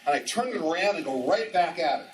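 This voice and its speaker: Man, 50s, high voice, animated storyteller at a training session, slightly distant mic, faint hiss. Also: a little fast. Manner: animated storyteller, acts out dialogue. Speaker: ski instructor trainer. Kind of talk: storytelling presentation.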